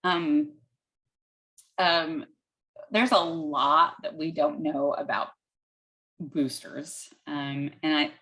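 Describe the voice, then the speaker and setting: A woman physician fielding audience questions in a somewhat low voice. She explains things step by step in plain, everyday terms. She pauses on an "um" as she works out her answer. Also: steady tone, pushed and bright, low-quality recording. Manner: thinks aloud with frequent "um".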